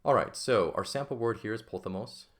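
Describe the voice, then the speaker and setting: A man's voice: on the low side, brisk. A man teaching a classical Greek grammar lesson, explaining step by step and often checking in with "right?". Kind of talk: classroom lecture.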